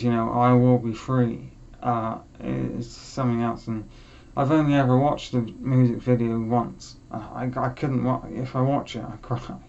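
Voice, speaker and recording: A young man hosting a music vlog, talking in a heartfelt, halting way with frequent restarts. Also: medium pitch, vocal fry, darkish tone. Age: young adult. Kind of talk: casual chat. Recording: muffled lo-fi sound.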